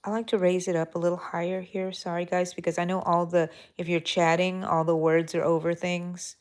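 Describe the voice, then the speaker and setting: A middle-aged woman hosting a live crochet tutorial, talking softly and mellowly, sometimes drifting into a whisper as she works. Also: on the low side, level tone, fairly quick, clean tone. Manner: soft, mellow, drifting into whispers while counting stitches. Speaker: crochet channel host.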